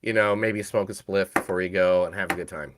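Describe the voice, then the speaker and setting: A man's voice: low-pitched, fairly even intonation, brisk, background noise. A man co-hosting a movie podcast in loose, joking casual chat. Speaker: podcast co-host.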